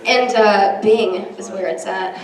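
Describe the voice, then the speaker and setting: A woman's voice: mid-range voice, a little slow, vocal fry. A young woman performing a self-deprecating stand-up set, chatty and full of ums, in front of a live audience. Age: young adult. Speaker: stand-up comedian. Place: large hall with a live audience. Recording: echoey hall from far off. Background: audience laughter and room noise.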